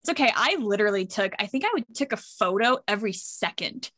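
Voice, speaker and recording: A woman's voice: medium pitch, animated, quick pace, a bit bright, no echo. A woman co-hosting a fan podcast in casual chat, upbeat and encouraging in her replies. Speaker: podcast co-host.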